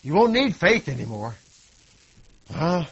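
Impassioned high-voiced preacher man. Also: big pitch swings, measured pace, husky. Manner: impassioned, swinging from loud cries to hushed tones; rhetorical questions and repetition. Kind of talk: sermon. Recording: dull lo-fi recording.

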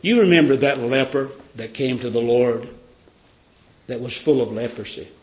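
A man's voice: medium pitch, moderate pace. Male preacher, fervent storyteller; roomy, lo-fi sermon recording. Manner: fervent storytelling, rhetorical questions.

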